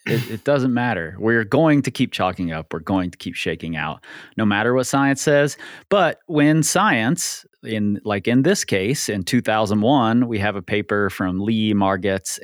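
A man's voice: lowish voice, lively intonation, unhurried, no echo, studio quality. A man hosting a podcast, explaining things earnestly with frequent ums and easy laughs. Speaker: podcast host. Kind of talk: casual podcast discussion.

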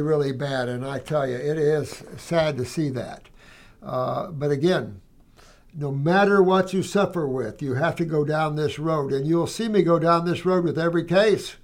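A man hosting a health show, speaking in a folksy, emphatic way and calling listeners "honey" and "dear one". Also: fairly high pitch. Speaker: health show host reading viewer letters. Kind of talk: casual monologue answering letters.

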